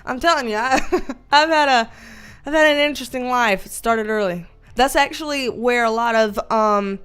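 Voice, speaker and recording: High-voiced woman chatting on a livestream. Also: a bit bright, clear, resonant tone. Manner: chatty, greets viewers by name, laughs often, swears casually. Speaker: livestream host. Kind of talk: casual livestream chat. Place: dim indoor room with ring light.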